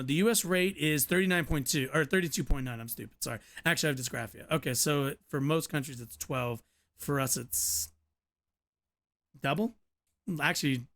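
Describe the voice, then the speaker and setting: A man's voice: medium pitch, a bit bright. A young man streaming, reading a news article aloud with stumbles, mutters and offhand asides. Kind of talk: casual reaction stream.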